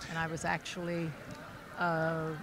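A woman's voice: deep voice, monotone, a little slow, noisy background. An older actress as an interview guest, telling stories in a chatty way, laughing often and restarting her sentences. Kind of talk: casual anecdotal storytelling. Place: convention floor.

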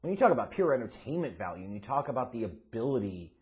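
A man's voice: mid-range voice, big pitch swings, fast talker, darkish tone. A man hosting a wrestling commentary channel, delivering an opinionated monologue in an emphatic, blunt way with casual swearing.

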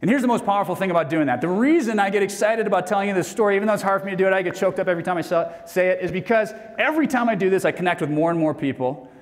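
A man's voice: sits high, racing, hardly any pauses. Earnest man telling a story in a hall. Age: 40s. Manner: earnest, swings between hushed and energetic. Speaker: motivational keynote speaker. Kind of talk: personal storytelling speech. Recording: reverberant hall sound.

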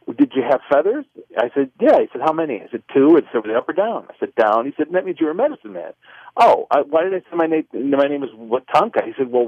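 Animated man telling a story on a muffled radio phone line. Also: a little high, breathy edge, dry recording. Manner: lively, acts out both sides of remembered dialogue. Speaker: author and filmmaker guest.

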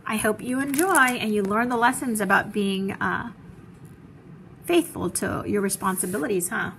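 A woman teacher reading a children's storybook aloud with animated, rhythmic rhyming narration. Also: mid-range voice, moderate pace, a little hiss or hum.

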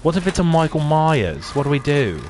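A man's voice: fairly high pitch, very animated, fairly quick, darkish tone. A young man chatting through a game session with a playful, foul-mouthed streak. His voice swings up and down a lot as he riffs on his teammate, and there is a faint ambient hum behind him. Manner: crude joking, swears often, playful. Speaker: gaming video host. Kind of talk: casual gaming banter.

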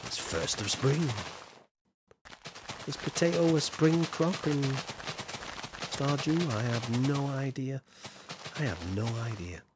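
A man's voice: mid-range voice, slow pace, pauses often, noisy background. A man streaming a building game, chatting casually and reading out his viewers' comments as he plays. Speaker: gaming streamer. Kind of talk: live-streamed gameplay chat.

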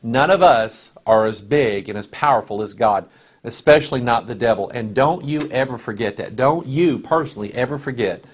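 A man, a pastor, leading a Bible study. He reads scripture with rising force and talks to the room in conversational asides. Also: medium pitch.

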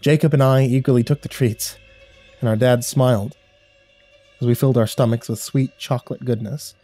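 A man narrating a horror story in a measured, somber storytelling voice. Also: mid-range voice, steady tone, no echo. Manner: measured, somber storytelling with quiet dialogue reads. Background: faint music.

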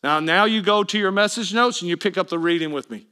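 A man preaching a sermon as pastor, swinging between loud emphatic appeals and hushed asides, often questioning his congregation directly. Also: high-pitched, fast talker.

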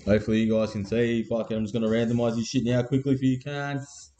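Swearing Australian man, mellow voice. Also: medium pitch, flat delivery, fast talker, faint music behind. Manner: crude, heavy swearing, laddish teasing. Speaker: card break host. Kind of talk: live-streamed card break banter.

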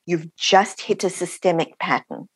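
A woman's voice: fairly low pitch, measured pace, breathy edge, dry recording. A woman author being interviewed, explaining her ideas and acting out the voices of people she quotes. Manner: animated, acts out quoted voices. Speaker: author and guest. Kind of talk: interview answers, teaching.

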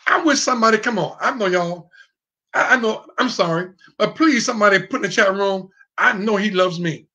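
Fiery high-voiced preacher whooping. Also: male voice, fairly quick, pushed and bright. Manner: fiery call-and-response preaching with sudden whoops. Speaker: pastor. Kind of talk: online sermon.

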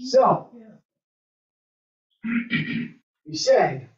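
A woman's voice: fairly low pitch, expressive, slow pace, long pauses, a little mellow. A woman teaching an adult Sunday school class, asking the group questions and thinking aloud as she goes. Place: church classroom. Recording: roomy, distant and dull.

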